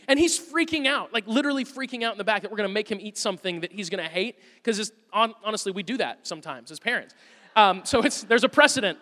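Male pastor, 30s, high bright voice, animated storyteller; long hall reverb. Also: fast. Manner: lively storyteller, acts out his kids' voices. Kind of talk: sermon with a personal story.

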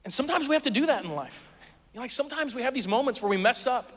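Bright-voiced man preaching in a hall. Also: extremely high pitch, lively intonation, racing. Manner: storytelling, conversational with quoted voices. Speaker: pastor. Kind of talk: sermon.

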